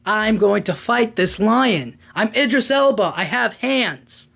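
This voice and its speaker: A man putting on a stern, protective father ready to fight, speaking slowly and emphatically in a raised voice. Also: lively intonation, vocal fry, fairly bright tone, exaggerated voice. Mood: determined. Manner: slow, emphatic, raised pitch.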